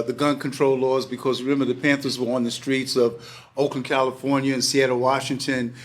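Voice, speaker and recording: A man in his sixties telling a personal story to a live audience at a packed bar, animated, acting out voices and swearing casually. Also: mid-range voice. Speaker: panel speaker. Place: packed bar event space.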